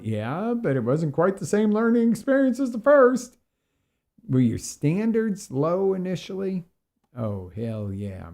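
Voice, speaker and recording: Gravelly man, middle-aged, motivational coach, jokey, animated, lively pitch. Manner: animated, jokey, acts out quick voices. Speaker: small business and health coach. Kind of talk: live motivational talk.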